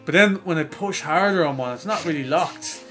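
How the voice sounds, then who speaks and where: A young Irish man from Dublin, co-hosting a podcast and telling a sweary, animated story in casual chat. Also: on the high side, a little fast, soft background music. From Ireland. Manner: sweary, animated anecdote teller. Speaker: podcast co-host.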